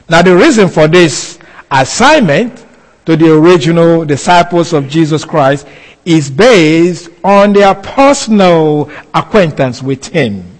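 A man delivers a Bible teaching at an unhurried, deliberate pace, his voice sitting a little high for a man. He leans on key phrases by saying them twice. His words ring out with a long reverb from the hall. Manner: slow, deliberate, repeating key phrases for emphasis. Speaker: preacher. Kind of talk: expository sermon.

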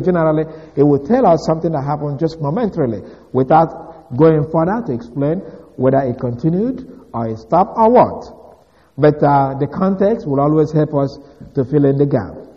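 A man preaching an explanatory Bible lesson in measured, short phrases. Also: fairly high pitch. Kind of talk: expository Bible teaching. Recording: dull recording with long hall reverb.

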